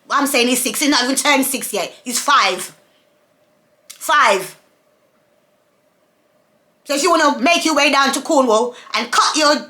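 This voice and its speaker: A woman vents straight to camera, repeating herself for emphasis and firing off rhetorical questions. Her voice is bright and a little high, sharp rather than mellow. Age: adult, mother of several children. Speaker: vlogger. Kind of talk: casual monologue to camera.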